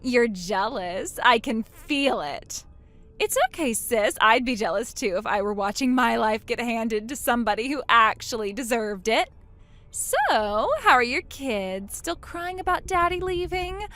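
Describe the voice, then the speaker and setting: A smug, cruel younger sister, played by a woman, gloats in a high, lively voice that swoops up into mocking peaks. She taunts in a sing-song way, savoring every jab. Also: measured pace. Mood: gloating.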